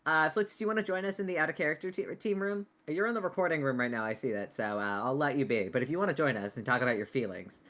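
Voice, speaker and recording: A woman's voice: deep voice, expressive, fast, few pauses, a bit bright. A woman in voice chat with fellow players, gushing, laughing easily and swearing freely. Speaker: game player. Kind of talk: casual voice chat.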